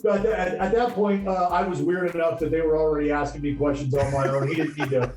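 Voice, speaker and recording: A man's voice: a little high, fast. Guy in his 30s telling old ballpark stories, does the voices, roomy echo. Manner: animated, spins anecdotes with voiced quotes. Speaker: guest, former pitcher. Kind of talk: storytelling in a casual interview. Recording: echoey room with faint music.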